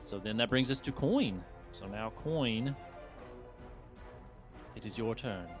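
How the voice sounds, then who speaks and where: A man's voice: on the low side, animated, slow, music in the background. A man narrating as game master, describing scenes in a loose, rambling way.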